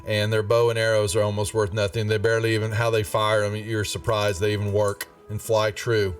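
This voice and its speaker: A man's voice: on the low side, completely flat delivery, fairly quick, far from the mic. A man narrating a tabletop game as dungeon master, casual and full of fillers. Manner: casual, drawling, many fillers. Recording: voice from off the mic, faint music.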